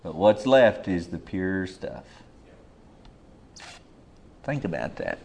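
A man preaching a sermon in a folksy, emphatic way, swinging between loud and hushed lines. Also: sits low, sing-song, takes it slowly, gravelly, a little hiss or hum.

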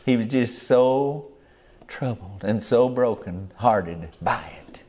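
A man's voice: mid-range voice, lively intonation, slow, dark tone. An older man, preaching a sermon in a folksy, rambling way with rural grammar.

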